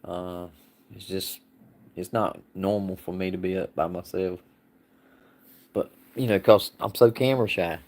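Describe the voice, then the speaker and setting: A man's voice: low voice, steady tone, unhurried, pauses often, darkish tone. A man hosting a casual livestream, answering viewers in a rambling, folksy way and laughing often. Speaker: livestream host.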